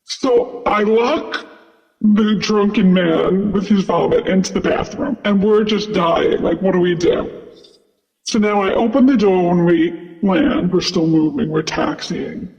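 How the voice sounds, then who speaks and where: A man's voice: high voice, steady tone, a little slow, a little mellow. A man who works as a flight attendant telling a story casually, full of "like" and "you know". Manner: chatty, lots of "like" and "you know". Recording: dull sound with long reverb.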